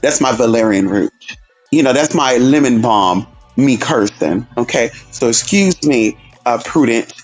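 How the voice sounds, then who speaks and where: A man's voice: mid-range voice, lively intonation, measured pace, faint music behind. A man hosting a casual livestream, talking sassily and animatedly to his viewers, calling them girl and honey. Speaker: livestream host.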